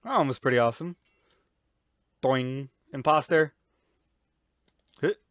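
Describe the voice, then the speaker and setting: A gaming YouTuber doing let's-play commentary, loud and excitable, with playful yelps, silly noises and sound effects. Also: mid-range voice, moderate pace, dry recording, studio quality.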